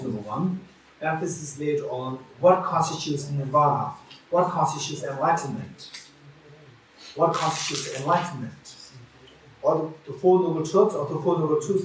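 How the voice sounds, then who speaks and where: A man's voice: fairly high pitch, normal speed, very echoey, distant mic, a little hiss or hum, low-quality recording. A man giving a Buddhist teaching at a retreat, repeating key phrases and restarting often.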